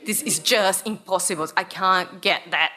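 A woman from Brazil tells stories about her research to a live audience. Her voice is bright and clear. She talks in a playful, animated way and acts out little voices along the way. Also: lowish voice, moderate pace. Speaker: researcher and speaker. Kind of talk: storytelling talk to an audience.

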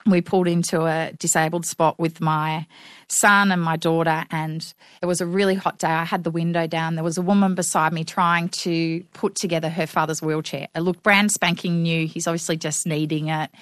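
A woman's voice: sits low, steady tone, moderate pace, a bit bright, dry recording, studio quality. A middle-aged woman, a guest in an interview, talking frankly with wry humour and acting out what others said. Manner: frank, wry storytelling with acted-out quotes. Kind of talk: conversational interview.

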